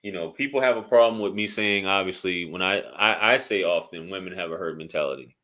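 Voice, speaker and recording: Brisk and sharp, a low-voiced man talks bluntly and profanely in a casual commentary vlog. As a YouTube commentator, he rambles and keeps restarting his thoughts.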